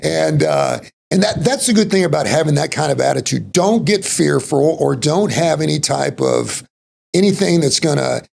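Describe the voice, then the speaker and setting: Middle-aged Texan man, Texas accent, chatty interview guest, heavy gravel, husky tone. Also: on the high side, sing-song, moderate pace, a little mellow. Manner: rambling, folksy, full of "you know" and "like". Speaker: podcast guest. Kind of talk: casual interview storytelling.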